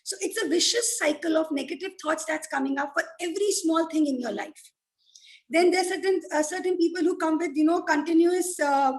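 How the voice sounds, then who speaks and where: High-voiced woman explaining anxiety. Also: poor audio. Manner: earnest, explanatory, frequent "you know" fillers. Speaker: mental health expert. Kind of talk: explanatory panel talk.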